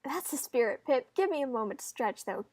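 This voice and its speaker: A woman voicing a snappy, foul-mouthed young woman in a visual novel who talks loudly and bluntly. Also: high-pitched, big pitch swings, brisk, no echo, clean studio sound. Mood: brash. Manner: loud and blunt, swears.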